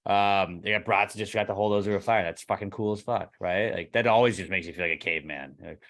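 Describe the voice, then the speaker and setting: A young man with a fairly low voice co-hosts a casual podcast. He tells animated stories, curses freely and acts out both sides of an argument. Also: fast, few pauses. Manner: animated storyteller, swears freely, acts out quoted exchanges. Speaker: podcast co-host.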